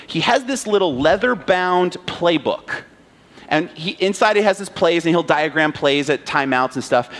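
A pastor giving a sermon, retelling a film scene in an animated way and asking the audience questions. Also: male voice, mid-range voice. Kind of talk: sermon with storytelling.

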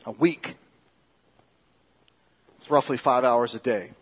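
A man's voice: mid-range voice, takes it slowly, breathy edge, dull audio. A man preaching a sermon in a church, talking in a loose conversational way with restarts and self-deprecating asides. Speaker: pastor. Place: church sanctuary.

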